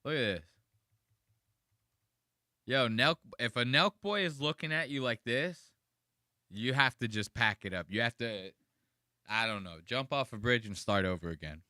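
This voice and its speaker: A man riffs on a video in a loose, profane, mocking way. His pitch jumps around a lot and his voice has a bright, forceful edge. The sound is dry and close, with no room echo. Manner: animated, crude, mocking, swears often. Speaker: commentator reacting to a video. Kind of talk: casual reaction commentary.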